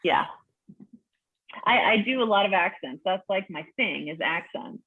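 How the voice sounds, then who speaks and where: A woman in her forties, a stand-up comedian chatting frankly and profanely on a video call, quick to laugh. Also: medium pitch, animated, slightly rough. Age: 40s. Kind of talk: casual chat. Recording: tinny phone-like line.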